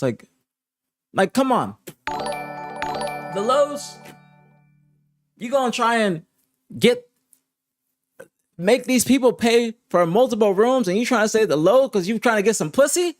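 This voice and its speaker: A man hosting a live stream from his home setup, talking in casual chat. His voice sits on the higher side, and he rants in loud disbelief with plenty of swearing. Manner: incredulous, ranting, heavy swearing. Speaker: streamer host.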